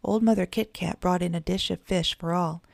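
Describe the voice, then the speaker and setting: A woman narrating a children's story in a gentle storytelling manner. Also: fairly low pitch, fairly even intonation, normal speed, vocal fry, dry recording, studio quality. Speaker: audiobook narrator. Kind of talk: children's story read aloud.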